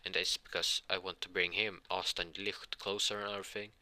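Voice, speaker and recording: A man retelling a fan story in a halting, casual way full of fillers and restarts. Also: low voice, level tone, pushed and bright, a little hiss or hum.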